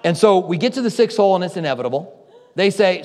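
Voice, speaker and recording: High-voiced pastor preaching in a reverberant hall. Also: male voice, expressive, quick pace, a little mellow. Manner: conversational storytelling with acted-out quotes. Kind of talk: sermon.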